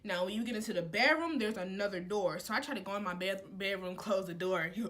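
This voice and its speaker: A young woman telling a heated storytime to camera, animated and full of "like" fillers. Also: medium pitch, fast talker. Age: young adult. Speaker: college student vlogger. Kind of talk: casual storytime.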